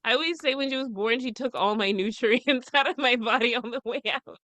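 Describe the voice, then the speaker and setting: A young mother chats on a podcast, blunt and often cursing, laughing through her stories. Her voice is bright, forward and a little high. The sound is close and dry, with no room around it. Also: fairly quick, no echo. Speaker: podcast co-host. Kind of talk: casual chat.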